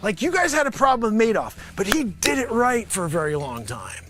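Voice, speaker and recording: A man doing an improvised comedy monologue, pitching a product with a sarcastic, rambling manner and talking back to an imagined panel of investors. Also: sing-song, a little fast.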